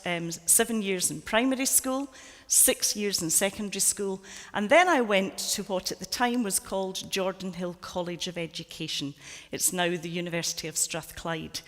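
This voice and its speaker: A Scottish woman in her sixties delivers a keynote in a large auditorium. Her voice sits at a medium pitch, and her talk is chatty, with wry, self-deprecating asides. The sound carries the long reverb of a big hall. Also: a bit bright. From Scotland. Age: 60s. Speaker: keynote speaker. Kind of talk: conference keynote address.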